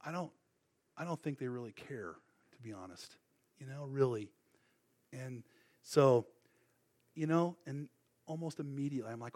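A man's voice: medium pitch, normal speed, long pauses, a little mellow. A middle-aged man preaching, telling his testimony in a casual, rambling way full of fillers and restarts. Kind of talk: sermon with personal testimony.

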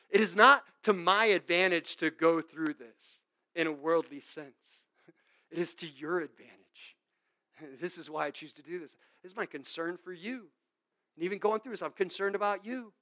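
Male preacher with a high voice, animated and emphatic, mocks greed in sudden loud bursts. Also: normal speed. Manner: swings from loud emphatic to quiet. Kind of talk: sermon.

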